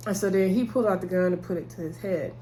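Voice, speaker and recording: A woman with a somewhat low voice gives a casual recap of a TV episode, chatty and lively in her retelling. She talks with her hands at a table and keeps calling her viewers y'all. A faint noise sits under her voice. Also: fast talker. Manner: chatty, retells scenes with quoted dialogue, addresses viewers as y'all. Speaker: TV episode reviewer. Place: indoors at a table.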